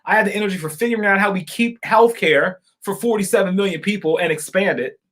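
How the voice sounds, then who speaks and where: A man's voice: high voice, quick pace. Fervent man speaking straight to viewers. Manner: fervent, repetitive, swings between shouting and quiet asides; addresses viewers directly as y'all and folks. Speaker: live-stream political commentator. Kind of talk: impassioned live-stream talk, reading viewer comments.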